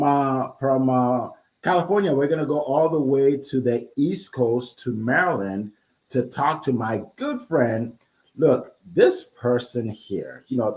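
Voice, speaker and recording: A man hosting a live online panel over a video call, greeting viewers energetically with lots of fillers. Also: medium pitch. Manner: energetic, filler-heavy welcomes. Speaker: host.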